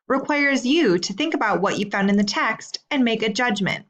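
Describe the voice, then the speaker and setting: A woman teacher reading out homework questions in a slow, clear, deliberate way. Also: fairly high pitch, lively intonation, a bit bright. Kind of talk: recorded assignment instructions.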